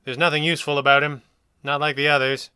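A man's voice: on the high side, level tone, quick pace, bright, forceful tone, clean tone, no echo, clean studio sound. A man voicing a fretful, hesitant asylum official giving warnings. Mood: nervous.

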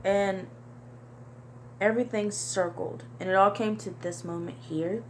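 A young woman vlogger talking to camera in a halting, repetitive, soft-spoken confessional monologue. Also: mid-range voice, steady tone, a little hiss or hum. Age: young adult.

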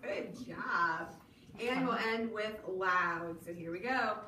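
A woman's voice: medium pitch, takes it slowly. A woman librarian leading a children's storytime, speaking in a patient, encouraging teacher's manner. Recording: echoey room from far off, clear background noise.

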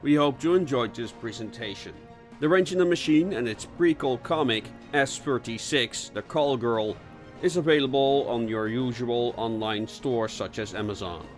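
A man narrating a steampunk audiobook in a slow, measured, dramatic reading. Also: mid-range voice, faint music behind.

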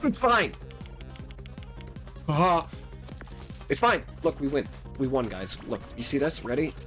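A man's voice: medium pitch, a little slow, faint music behind. A man giving playful gameplay commentary, talking directly to his viewers. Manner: playful, talks to viewers, animated. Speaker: let's play host.

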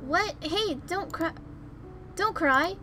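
A woman voicing an energetic, cheerful teenage boy classmate while reading game dialogue aloud, loud and caring. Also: high voice, fairly quick, faint music behind, pitched above the performer's own voice. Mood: alarmed.

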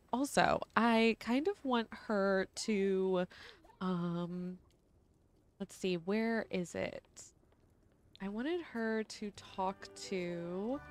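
Slow, giggly young woman narrating a game. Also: medium pitch. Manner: chatty, giggly, with frequent ums. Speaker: gaming channel host. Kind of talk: casual let's-play narration.

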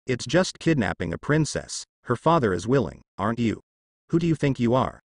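A man's voice: medium pitch, sing-song, normal speed, no echo, studio quality. A man reading the lines of a cocky young male pirate captain, mocking and carefree.

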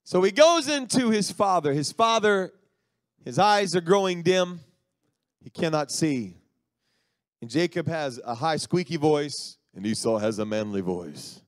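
A man preaching a sermon, retelling a story in an animated, folksy way and acting out the voices. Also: a little high, a little slow, no room sound, clean studio sound.

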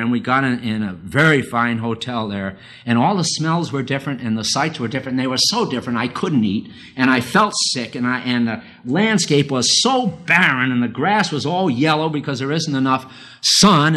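Older preacher guy, folksy sermon, self-deprecating, jumps up high on the big points. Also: breathy edge. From United States. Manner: folksy, self-deprecating, emotional storytelling with sudden high emphatic bursts.

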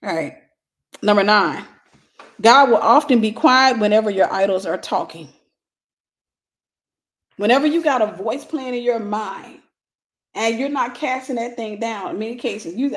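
A middle-aged woman giving a lively, conversational sermon, acting out little scenes and laughing as she teaches. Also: a little high, measured pace, pauses often. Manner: animated, acts out gossip with voices, laughs. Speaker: Christian teacher.

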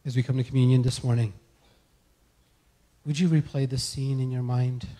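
A male pastor delivering a sermon, earnestly pleading with his listeners and letting his lines fall soft at the close. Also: medium pitch, flat delivery, normal speed. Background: soft guitar music.

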